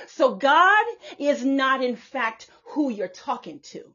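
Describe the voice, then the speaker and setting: Woman, self-styled prophetess, profane emphatic preacher, husky voice, muffled lo-fi sound. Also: high voice, very animated, slow pace, sharp tone. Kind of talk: impassioned preaching monologue.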